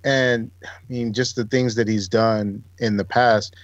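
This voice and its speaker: A man's voice: on the low side, steady tone, measured pace, no room sound, muffled recording. A man co-hosting a film podcast, easygoing in casual chat and sometimes searching for words. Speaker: podcast co-host.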